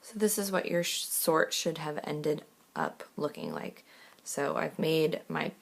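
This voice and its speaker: Low gravelly woman teacher, slow clear word reading, patient step by step. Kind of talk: recorded classroom lesson.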